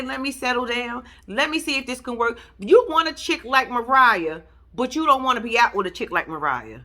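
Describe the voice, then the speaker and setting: A woman recapping a reality show in a casual, blunt, swearing style, throwing her pitch up high for emphasis. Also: lively intonation, normal speed, pushed and bright.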